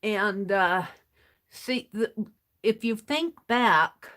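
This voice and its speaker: A woman hosting a casual livestream, reading viewer comments aloud, chuckling often and thinking out loud. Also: medium pitch, lively intonation, extremely slow, rough recording. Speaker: livestream host.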